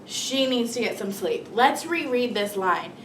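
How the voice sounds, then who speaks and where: A woman teaching first grade, reading a big book aloud to her class in an expressive, sing-song voice. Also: a little high, a little slow, slight background noise. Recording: echoey classroom, mic far off, children around.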